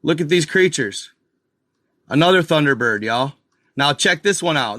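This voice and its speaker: A man's voice: a little high, lively intonation, normal speed, bright, forceful tone, dry recording, clean studio sound. A man hosting a live stream, rambling casually over a map, calling his viewers y'all and muttering exasperated asides to himself. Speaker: channel host.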